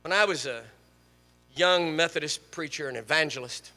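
A man's voice: a little high, normal speed, long reverb tail, faint music behind. An older man preaching a sermon in a church, telling stories and joking with the congregation. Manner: storytelling, animated, jokes with the congregation. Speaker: guest preacher. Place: church sanctuary.

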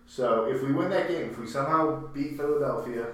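A man with a medium-pitched voice talks fairly quickly about his soccer team as a podcast co-host. The mic is distant, the room echoey with a faint hum, and his chat is rambling and laugh-filled, with frequent self-corrections.

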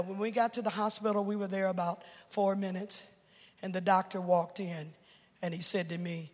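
Woman, a pastor's widow, giving emotional church testimony into fervent preaching; long reverb from a big hall. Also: fairly low pitch.

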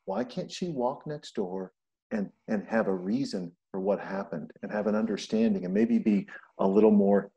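Middle-aged podcast host guy, low and warm, acts out every quote in his stories. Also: moderate pace, muffled recording. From Montana. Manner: animated storyteller, acts out quotes. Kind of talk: casual chat.

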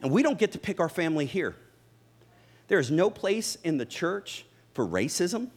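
A man's voice: sits high, normal speed, slightly rough. A middle-aged man preaching a sermon in church, joking with the congregation and telling funny family stories. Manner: animated, jokes with the congregation. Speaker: pastor. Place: church before a live audience.

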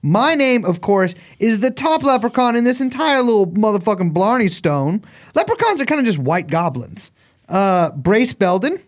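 A man's voice: high-pitched, sing-song, normal speed. An American man co-hosting a podcast, riffing in loose, jokey banter and swearing freely. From United States. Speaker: podcast co-host.

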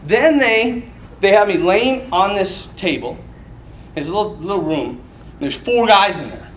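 A man telling a story in casual talk, animated, laughing often and acting out the voices of the people in it. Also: high voice, measured pace, recorded from a distance. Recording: echoey room, off mic, faint noise.

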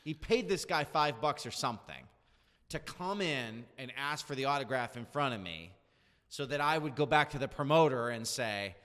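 A man's voice: medium pitch, moderate pace, in a large hall. A man telling a long anecdote in casual chat, acting out the quotes of the people in it. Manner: animated storyteller, acts out quotes.

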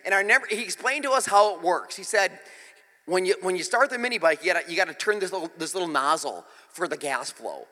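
Animated, bright-voiced storytelling pastor. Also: male voice, sits high, fast talker, long reverb tail. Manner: storytelling, animated and self-mocking. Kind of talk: sermon with a personal story.

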